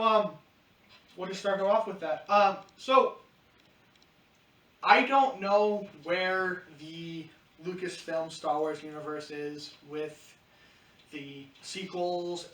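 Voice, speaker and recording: A man with a bright, somewhat high voice co-hosting a casual podcast. He wanders into tangents and hedges his opinions. The room sounds echoey and the mic is far away. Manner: rambling, hedging, goes on tangents. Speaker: podcast co-host. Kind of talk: casual discussion chat.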